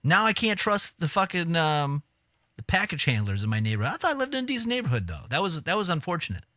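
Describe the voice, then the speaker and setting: A man riffing through a casual reaction stream, his voice lively and swinging up and down. The tone is bright and forward, and the sound is dry and close, with blunt, profane, mocking remarks. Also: fairly high pitch, fast, dry recording. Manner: blunt, swears often, mocking asides.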